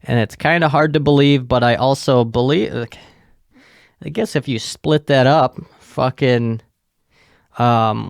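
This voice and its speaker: A man's voice: medium pitch, takes it slowly, vocal fry, no echo, studio quality. A young man, hosting a podcast and rambling through a profane, filler-heavy rant. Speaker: podcast host. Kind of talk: casual solo rant.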